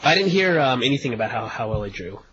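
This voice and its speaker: A man's voice: medium pitch, big pitch swings, fast, a crowd in the background. A man co-hosting a talk radio show with a stuffed-up nose, speaking in a dry, sarcastic way. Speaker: radio co-host. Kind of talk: casual talk radio chat. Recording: dull lo-fi archive radio with faint hiss.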